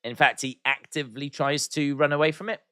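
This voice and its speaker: Male livestream host with a higher, bright voice and dry, close sound; casual chat, reads viewer comments out, teasing. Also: fairly even intonation, brisk, clear, resonant tone, no echo. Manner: playful teasing humor. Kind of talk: live watch-along chat.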